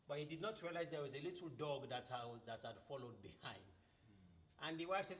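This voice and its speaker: A man's voice: a little high, animated, brisk, a bit bright. A man telling a folk tale live, with a dramatic delivery and rhythmic, singsong chants. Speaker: guest storyteller. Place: library event hall. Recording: echoey hall, faint noise.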